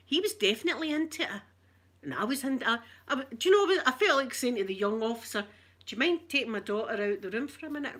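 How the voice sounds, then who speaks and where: Scottish woman, middle-aged, live streamer; bright, bouncy delivery, cheeky and flirty, higher pitch. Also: expressive, fast talker. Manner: bawdy, flirtatious, chatty storyteller. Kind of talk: casual live-stream chat.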